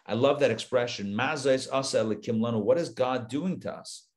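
A man, a rabbi, teaching a live Torah class, retelling the story with lively asides and acted-out lines. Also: medium pitch, fairly quick. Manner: animated storytelling, acts out the biblical lines, chatty asides.

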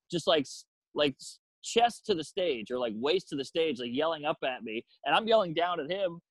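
Male comedian guest, slightly high voice, profane animated storyteller, dry close mic. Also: dry recording, low-quality recording. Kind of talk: casual storytelling chat.

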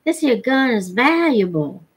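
Storybook role: quiet, lowered, hesitant backwoods father, read by a woman. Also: big pitch swings, unhurried, slightly rough, exaggerated voice. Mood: reluctant. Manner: soft, hesitant, reluctant. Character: cautious, mild-mannered backwoods father.

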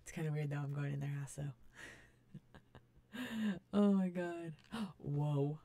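A woman's voice: low voice, slow, vocal fry. Gushing young woman touring a game island. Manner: gushing, excited, lots of gasps and "oh my God". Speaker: gaming vlogger touring a fan-made island. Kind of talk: casual game commentary.

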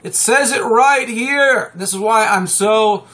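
A man preaching off the cuff, rambling and emphatic, breaking into sudden loud outbursts and chuckles. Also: high voice, takes it slowly. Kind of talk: fiery unscripted preaching monologue.

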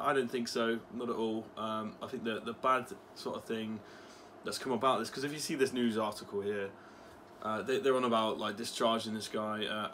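A man's voice: on the low side, a bit bright, a little hiss or hum. A young man, an ex-soldier vlogger, talking casually with swearing and lots of fillers. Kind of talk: casual commentary vlog.

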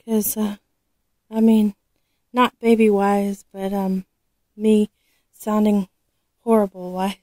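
A woman with a sore, recovering throat, chatting casually as she unboxes a doll, halting with frequent ums. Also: mid-range voice, level tone, warm tone, no room sound, rough recording. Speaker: vlogger unboxing a reborn doll.

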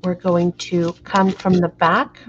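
A woman's voice: on the low side, little pitch movement, slow pace, slight background noise. A middle-aged woman hosting a live craft tutorial, chatty and a bit flustered, often checking in with her viewers. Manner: apologetic, flustered by the camera framing. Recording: dull lo-fi sound.

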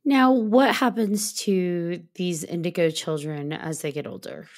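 A woman's voice: on the low side, unhurried, darkish tone. A woman hosting a podcast, asking her guest loosely phrased, curious questions in a casual tone. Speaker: podcast host.

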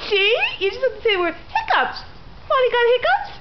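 A woman's voice: very high-pitched, sing-song, a little fast. A woman filming her puppy at home on a handheld camera, talking to it in a doting, sing-song, teasing way, with a dog barking behind her, in a dull home video with background noise. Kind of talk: home video baby talk to a pet. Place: home, indoors.

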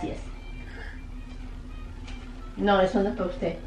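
A woman's voice: mid-range voice, flat delivery, measured pace, muffled recording, music in the background. A young woman in her twenties talking to the camera at home in a playful, goofy way, sprinkling Spanish phrases into her vlog. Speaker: vlogger. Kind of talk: casual vlog talk to camera.

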